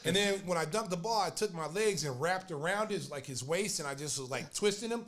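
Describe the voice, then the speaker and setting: A man with a slightly high voice hosts a podcast and tells a story, acting out each person's lines with plenty of energy. He is an older man. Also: animated, a little fast, a bit bright. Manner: acts out other people's lines in the story. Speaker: podcast host. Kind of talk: animated storytelling.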